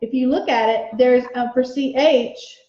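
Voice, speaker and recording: A high-voiced woman teaches young children to write, sounding out each letter slowly and cheering them on. The room around her echoes, and the sound is a little dull. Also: steady tone, dark tone. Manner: slow, sounds out letters and words aloud; encouraging.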